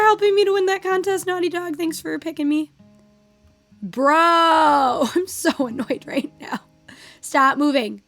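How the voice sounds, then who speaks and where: A woman's voice: high voice, fairly bright tone. A young adult woman streaming a game, chatting casually with viewers and swearing at the game while she teaches. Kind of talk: casual live-stream chat. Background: faint guitar music.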